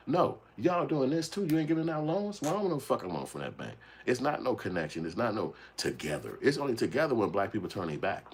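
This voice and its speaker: A man ranting in a casual commentary, profane and animated, telling streetwise stories. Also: medium pitch, quick pace, hardly any pauses, a little hiss or hum. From United States. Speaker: commentary show host.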